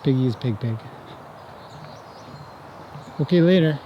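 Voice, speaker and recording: A man's voice: medium pitch, expressive, unhurried, highs cut off, slight background noise. A man vlogging casually outdoors as he walks round a farm, chatting to the camera and talking fondly to the animals. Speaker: horse trainer vlogger. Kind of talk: casual walk-and-talk vlog.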